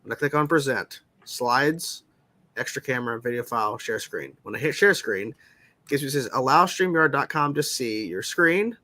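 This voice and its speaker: A male stream host chats casually, his pitch jumping all over in an animated way. He rambles and restarts his sentences often. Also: normal speed. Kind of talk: casual live-stream chat.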